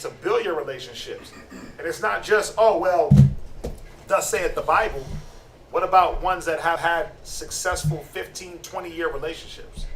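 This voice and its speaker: Slangy man teaching scripture, echoey. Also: on the high side. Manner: slangy, conversational, animated. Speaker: Bible teacher. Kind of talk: casual sermon teaching. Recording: roomy, distant mic, faint noise.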